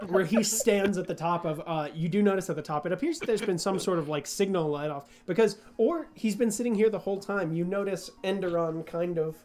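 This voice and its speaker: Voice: mid-range voice, dark tone. A game master narrating a tabletop game, rambling with frequent restarts and laughter. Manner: rambling, many fillers and restarts, laughs often.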